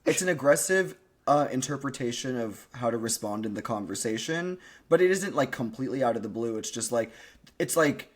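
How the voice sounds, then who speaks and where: A man co-hosting a casual chat podcast, talking fast with restarts and laughs, acting out quoted lines. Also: mid-range voice, lively intonation, husky. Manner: chatty, laughing, quick restarts and quoted voices. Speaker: podcast co-host.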